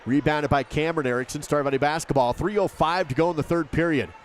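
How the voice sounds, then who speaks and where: A man calling a high school basketball game play by play, rapid and rising with each basket. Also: faint music behind. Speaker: play-by-play commentator. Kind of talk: live basketball commentary.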